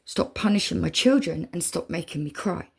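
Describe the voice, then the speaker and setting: A woman with a low, gravelly and husky voice speaks straight to her listeners in an intense emotional monologue. She swears freely and talks with heavy feeling. At times her voice sinks to a whisper. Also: expressive, normal speed. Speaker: spiritual reader. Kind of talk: emotional direct-to-camera monologue.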